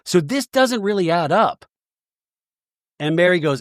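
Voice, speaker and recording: A man hosting a podcast, recapping a reality show with animated, mocking asides. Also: normal speed, no room sound, clean studio sound. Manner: animated, does high-pitched mocking impressions of cast members. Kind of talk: comedic recap monologue.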